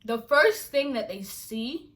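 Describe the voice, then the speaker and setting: A woman's voice: a little high, sing-song, slow pace, fairly bright tone. A young woman from Africa, a vlogger talking straight to camera in an exasperated, emphatic rant that sometimes drops to a whisper. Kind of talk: casual vlog rant to camera.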